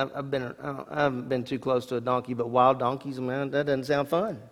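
Preaching man in a reverberant hall. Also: on the high side. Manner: expressive preacher, rising emphasis on key words, asides to congregation. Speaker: pastor. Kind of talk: sermon.

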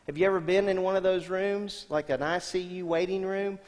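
A man preaching a sermon as senior pastor, asking the congregation questions and swinging between loud emphatic lines and quiet soft ones. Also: high voice, steady tone, brisk. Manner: asks the congregation rhetorical questions. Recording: long hall reverb.

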